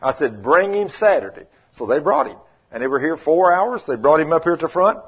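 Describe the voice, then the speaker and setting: A man preaches with a husky, somewhat high voice, telling homespun stories and voicing the people in them. He swings between thundering rebukes and quiet, confiding asides. The sermon comes through a dull, muffled lo-fi recording. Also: expressive, a little fast. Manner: folksy, acts out quoted voices, shifts between loud rebukes and quiet asides. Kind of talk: sermon with storytelling.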